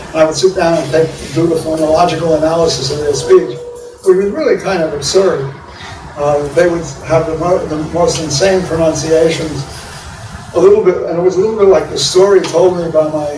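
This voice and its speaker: Older New York man, mid-high voice, digressive talker, recorded far off with a hissy background. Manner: digressive, many restarts and fillers, wry laughs. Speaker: poet and guest speaker. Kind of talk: rambling improvised talk. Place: large echoey university room. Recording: echoey room, far mic, audible hiss.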